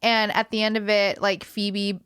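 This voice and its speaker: A woman's voice: medium pitch, flat delivery, measured pace, fairly bright tone, clear, resonant tone, no room sound, studio quality. A young woman co-hosting a podcast in casual chat, talking in a chatty way with lots of fillers and laughs. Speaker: podcast co-host.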